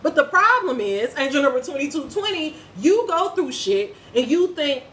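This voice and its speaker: A woman's voice: very high-pitched, very animated, normal speed, hardly any pauses, bright, forceful tone, slight background noise. Woman spiritual reader, vlog style, profane and preachy, echoey room with faint ambience behind. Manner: blunt, profane, preachy ranting. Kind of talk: casual spiritual reading vlog.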